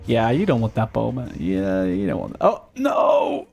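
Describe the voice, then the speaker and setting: A man's voice: on the low side, fairly quick, creaky, dark tone, soft background music. A man streaming a video game live, chatting casually with teammates and viewers, joking and grumbling at the game. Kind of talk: casual live-stream chat while gaming.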